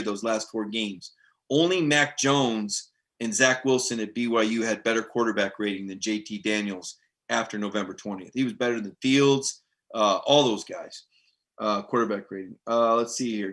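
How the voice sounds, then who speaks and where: Middle-aged man, sports writer hosting a live stream, bright tone, animated and rambling, reads viewer comments aloud, casual chat. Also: mid-range voice.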